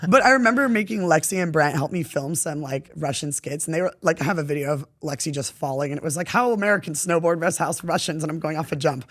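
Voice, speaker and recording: A woman's voice: low-pitched, quick pace, hardly any pauses. Chatty young woman, laughing often. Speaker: podcast guest. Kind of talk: casual interview chat.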